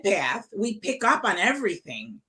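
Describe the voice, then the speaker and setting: A woman's voice: mid-range voice, very animated, normal speed, a crowd in the background. A woman co-hosting a spiritual talk show, answering a guest's story with supportive, affirming remarks. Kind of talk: casual chat.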